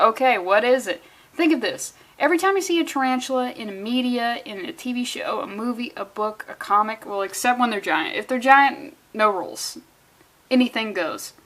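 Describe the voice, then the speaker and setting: A woman's voice: a little high, a bit bright. A woman reviewing a comic book in a casual vlog, rambling off on sarcastic tangents and swearing often.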